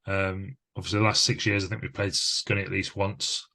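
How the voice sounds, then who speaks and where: A man with a low, deep voice tells a story on a podcast. He talks casually and laughs at himself as the tale rolls on. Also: little pitch movement, a little fast, vocal fry, pushed and bright. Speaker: podcast co-host.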